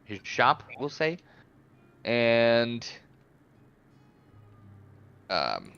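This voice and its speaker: Dungeon master guy rambling slow, lots of ums, bright voice, lo-fi call sound. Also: mid-range voice, wildly swooping pitch, creaky, clean tone, soft background music. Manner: rambling, many fillers and restarts. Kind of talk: casual game narration.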